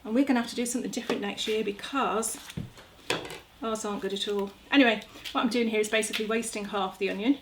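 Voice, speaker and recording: A woman's voice: mid-range voice, fast. A middle-aged woman chatting casually while demonstrating a recipe in her kitchen, joking about herself as she works. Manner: chatty, self-mocking, talks while working. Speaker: gardening vlogger. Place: home kitchen. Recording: audible background noise.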